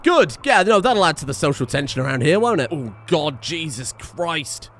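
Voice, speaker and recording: A man's voice: a little high, big pitch swings, normal speed, a bit bright, a little hiss or hum. A man giving exasperated, swearing let's-play commentary on a survival game and talking to the characters on screen. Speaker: gaming video creator.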